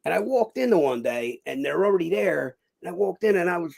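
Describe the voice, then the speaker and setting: A man talks as an interview guest, spinning loose, rambling stories. His voice is gravelly and sits a bit high, and he keeps dropping "you know" while acting out other people's lines. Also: expressive, fairly quick, a little mellow. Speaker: guest, former boxer. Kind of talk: casual interview storytelling.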